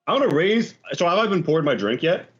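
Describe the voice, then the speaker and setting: Profane, animated man playing a tabletop game. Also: fairly high pitch, a little fast, slightly rough. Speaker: player. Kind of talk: tabletop role-play, casual. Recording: slightly dull lo-fi audio.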